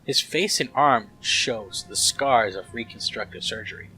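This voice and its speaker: Guy reading out a video game's text, steady and plain, bright voice, soft music in the background. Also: on the low side, a little slow, poor audio. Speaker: let's play host. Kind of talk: reading game text aloud.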